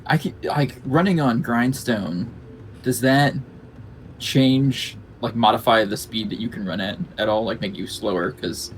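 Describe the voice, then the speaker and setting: A man's voice: medium pitch, measured pace, a little hiss or hum. Hesitant man playing a tabletop game. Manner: hesitant, asks rules questions. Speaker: player. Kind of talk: casual tabletop play.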